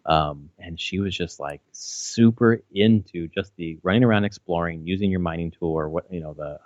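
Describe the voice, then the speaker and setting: Low-voiced man rambling casually. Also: normal speed, darkish tone, no echo. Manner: rambling, with many fillers and restarts; swears casually. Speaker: podcast co-host. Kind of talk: casual podcast chat. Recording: slightly dull, dry audio.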